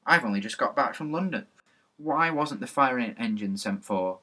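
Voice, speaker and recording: A man doing an impatient irritable gentleman. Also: mid-range voice, lively intonation, moderate pace. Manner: impatient, curt.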